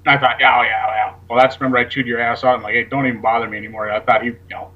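A man's voice: mid-range voice, level tone, rapid-fire, dull audio. A man, a talk show guest, telling a rambling story in casual chat and acting out the lines of the people in it. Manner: rambling, acts out quoted dialogue, swears casually.

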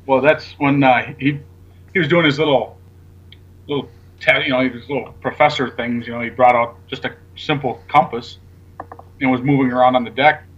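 A man with a husky, somewhat rough voice tells a story in loose, rambling fashion, now and then swearing. He plays out each back-and-forth himself, and the recording sounds dull and lo-fi. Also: mid-range voice, fairly even intonation, normal speed. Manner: rambling, acts out quoted dialogue, swears casually. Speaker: guest. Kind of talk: casual storytelling on a talk show.

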